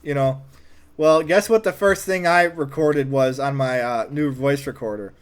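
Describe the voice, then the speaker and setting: Animated man telling a funny story. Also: mid-range voice, unhurried, clean tone. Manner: animated, acts out quotes in a raised voice. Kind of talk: comedic personal story.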